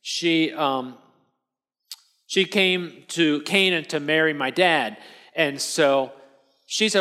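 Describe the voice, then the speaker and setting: Taking it slowly and pausing often, a man preaches a first-person dramatic monologue in a somewhat high voice that sounds pushed and bright, clear and resonant. He tells it conversationally, restarting lines often and using tag questions to check in with the listener.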